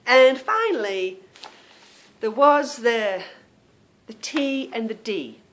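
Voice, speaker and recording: A woman's voice: fairly high pitch, expressive, slow, a bit bright. A woman hosting a podcast, talking casually in a chatty, self-amused way and explaining things with plenty of fillers. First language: English. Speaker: podcast host. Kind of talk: casual monologue.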